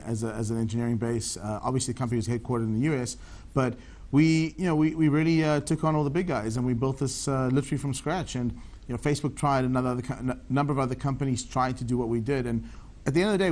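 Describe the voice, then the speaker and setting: Guest: South African man in his thirties, rapid-fire and eager, answers ramble with restarts. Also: medium pitch, a little mellow. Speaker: tech entrepreneur guest. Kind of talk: TV business interview.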